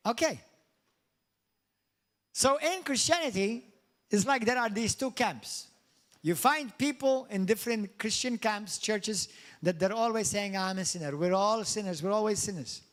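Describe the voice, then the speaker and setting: A middle-aged man from Malta preaches in a church hall, his voice sitting high for a man. He is animated and throws questions at the congregation, then climbs into playful, mocking high voices. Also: measured pace, long pauses. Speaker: pastor. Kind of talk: sermon.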